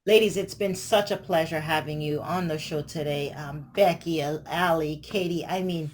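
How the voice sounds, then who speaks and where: A woman's voice: low voice, fairly even intonation, moderate pace, a little hiss or hum. A woman hosting a podcast, speaking in an encouraging, affirming way as she thanks her guests. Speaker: podcast host. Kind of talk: casual conversation.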